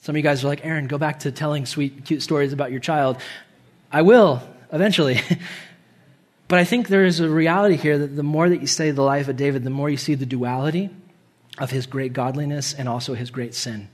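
Young male pastor, conversational sermon, animated, fairly high-pitched. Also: a little fast. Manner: casual and animated, laughs often, acts out quotes in high voices. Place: church hall.

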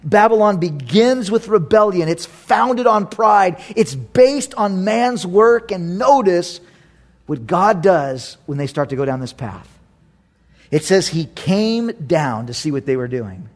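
A man with a fairly high voice preaching a sermon. He talks in an animated way and slips into sarcastic little acted voices for the people in his story. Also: slow pace. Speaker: pastor.

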